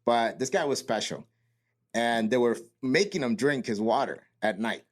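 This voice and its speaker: A man's voice: medium pitch, expressive, moderate pace. A man and Marine veteran telling a boot camp story in casual, profane podcast chat, acting out the quotes.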